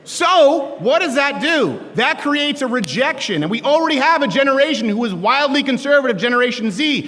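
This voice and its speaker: A man from Canada delivers a comedic political talk to students. His voice sits high and bright for a man, and he is animated and joking, breaking into shouts. Long hall reverb follows every line. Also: normal speed. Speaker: speaker addressing college students.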